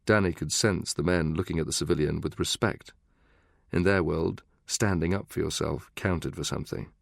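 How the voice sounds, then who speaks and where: A man narrates a thriller audiobook with a steady, measured reading. His voice is very low with a gravelly fry. The recording is close and dry, with no room sound. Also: no room sound. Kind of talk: scripted narration.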